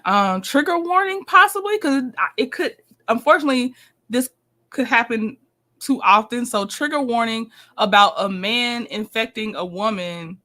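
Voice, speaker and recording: A woman's voice: mid-range voice, pushed and bright. A woman hosting a casual livestream, chatting with viewers and reading text messages aloud. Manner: chatty, talks to viewers, reads texts aloud. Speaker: livestream host. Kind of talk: casual live commentary.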